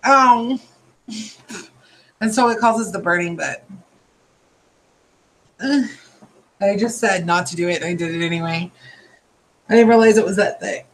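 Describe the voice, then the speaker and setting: A man's voice: sits high, fairly even intonation, quick pace, low-quality recording. A tired man hosting a nail art tutorial, chatting casually and drifting into rambling asides while he works.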